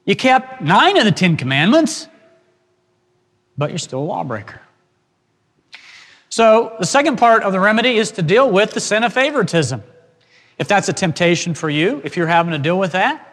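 A man preaching an expository sermon as pastor, emphatic and slowing down to stress key phrases. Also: high voice, fairly bright tone. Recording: long hall reverb.

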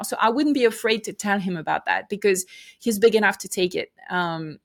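A woman's voice: mid-range voice, brisk, vocal fry. A middle-aged woman speaking as a guest in a faith interview, reflective and earnest, often restarting her sentences.

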